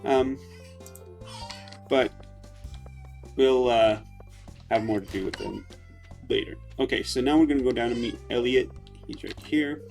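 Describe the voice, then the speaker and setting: A man casually commenting on gameplay in a relaxed, chatty way, with frequent hesitations. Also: medium pitch, unhurried, vocal fry, pauses often, faint music behind. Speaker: let's play host.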